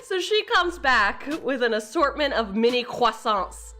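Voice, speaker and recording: A woman's voice: fairly high pitch, sing-song, a little slow, bright, forceful tone, soft background music. A young woman streamer casually telling family anecdotes, chatty and laughing often between lines. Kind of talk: casual storytelling during a live stream.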